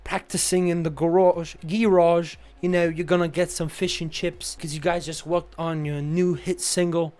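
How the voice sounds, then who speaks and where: A man's voice: a little high, flat delivery, normal speed, few pauses, darkish tone, smooth. A young man from the United States, casually roasting friends' photos in a chatty, teasing way. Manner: teasing, chatty, full of "you know"s. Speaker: comedic tier list host. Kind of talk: casual comedic commentary.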